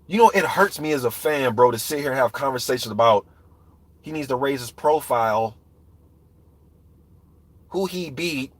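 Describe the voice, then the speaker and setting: A mid-range male voice, a little fast, belongs to a boxing commentator in the middle of a heated, profane rant. He's live streaming and addressing his chat viewers directly.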